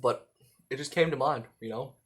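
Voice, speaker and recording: A young man talking casually into a camera from a room, rambling and halting with lots of fillers and the odd swear word. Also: mid-range voice, heavy background noise. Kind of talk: casual vlog monologue. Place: indoor room at home.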